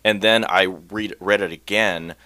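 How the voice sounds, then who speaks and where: A man talking casually about acting in a stage play, telling his story with laughs and quick asides. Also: low voice, steady tone, sharp tone, no room sound. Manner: chatty, laughs often, acts out quoted voices. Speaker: community theater actor, guest. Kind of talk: casual interview chat.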